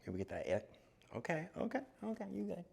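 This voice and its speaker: Man, from Florida, casual live-stream chat, jokey, talks to his cat, very animated pitch. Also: fast talker, vocal fry, breathy edge. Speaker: gardening streamer.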